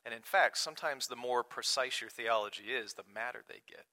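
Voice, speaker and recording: A man preaching a sermon in an earnest way, swinging from loud emphasis to quiet, hushed asides. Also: mid-range voice, brisk. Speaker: pastor.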